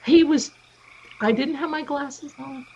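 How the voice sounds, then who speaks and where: A woman's voice: high-pitched, a little slow, darkish tone. A middle-aged woman hosting a livestream, chatting casually and telling stories. She acts out the voices of the people she quotes. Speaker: livestream host. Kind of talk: casual storytelling chat. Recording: dull lo-fi stream audio.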